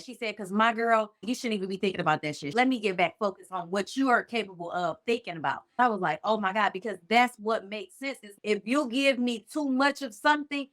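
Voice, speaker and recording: Young adult female co-host, slightly high voice, sassy, profane storyteller. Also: brisk, fairly bright tone. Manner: blunt, sassy storyteller, swears, quotes others. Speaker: podcast co-host. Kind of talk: casual conversation.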